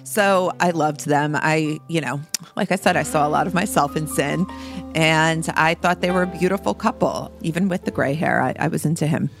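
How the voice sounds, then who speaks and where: A woman's voice: sits low, normal speed, creaky, faint music behind. A woman co-hosting a podcast, chatting playfully and gossipily about celebrity couples and laughing often. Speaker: podcast co-host. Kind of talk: casual pop-culture chat.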